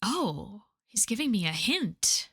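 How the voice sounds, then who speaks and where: A woman's voice: medium pitch, sing-song, takes it slowly, bright, forceful tone, breathy edge, no echo, studio quality. A woman streaming a game, curious and chatty, muttering to herself and laughing as she explores. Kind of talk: let's play commentary.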